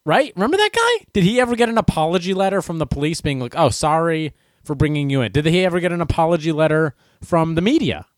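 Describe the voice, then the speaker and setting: A man hosts a comedic news commentary, ranting and sarcastic as he works himself up. His pitch swings widely with lively animation. The recording is dry and close, with no room sound. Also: fast, hardly any pauses, no echo. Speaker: host of a news commentary show.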